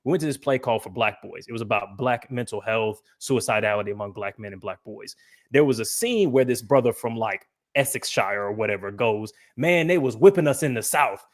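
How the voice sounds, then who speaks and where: A man's voice: fairly low pitch, a little fast. A man from Atlanta hosting a casual podcast, chatty and full of fillers. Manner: chatty, fillers, laughs while talking. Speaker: podcast host.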